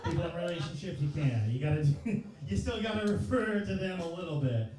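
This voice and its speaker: A man's voice: a little high, lively intonation, fairly quick, a little mellow, very echoey, recorded from a distance, rough recording. A man in his thirties doing a loose, profane, self-mocking stand-up comedy set in a comedy club. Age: 30s. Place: comedy club stage, live audience.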